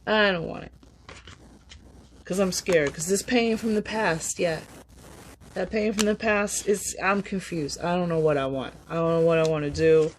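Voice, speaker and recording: A woman's voice: fairly low pitch, moderate pace, a little hiss or hum, close to an everyday voice, rough recording. A woman acting out a scared, confused person who refuses a gift out of self-doubt, hesitant and whiny. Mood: fearful.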